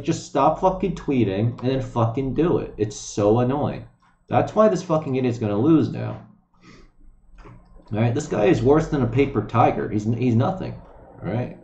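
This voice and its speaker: A man's voice: medium pitch, dark tone. A man streaming from home, reading news aloud and ranting at it with lots of swearing and mumbled asides. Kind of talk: casual profane live-stream commentary. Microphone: desk microphone. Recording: echoey room, slightly dull lo-fi sound.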